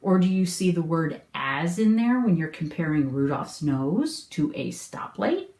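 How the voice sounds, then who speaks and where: A woman's voice: fairly low pitch, sing-song, measured pace, mellow, roomy sound. A middle-aged woman teaching an online homeschool lesson, explaining patiently and asking the viewer questions.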